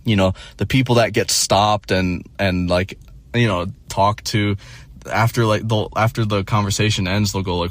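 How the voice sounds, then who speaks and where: A man's voice: lowish voice, moderate pace. A man in his twenties telling a story casually, rambling and profane with many restarts. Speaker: streamer.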